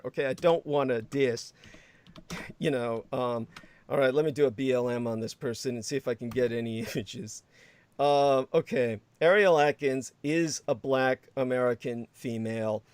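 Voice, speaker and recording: A man's voice: mid-range voice, smooth, dry recording. Sarcastic rambling male livestream host. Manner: sarcastic, laughs often, crude asides.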